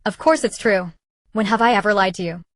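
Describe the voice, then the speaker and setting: A woman's voice: medium pitch, brisk, no echo, clean studio sound, close to an everyday voice. A woman voicing a reckless young woman who pleads and makes excuses to her best friend, in an audiobook. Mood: pleading.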